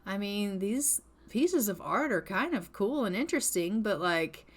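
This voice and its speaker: A frightened young vampire huntress in a life-sim story, as a woman puts her on, blurting out quick exclamations and going frantic when scared. Her voice sits in an ordinary middle register for a woman. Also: mid-range voice, animated. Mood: puzzled.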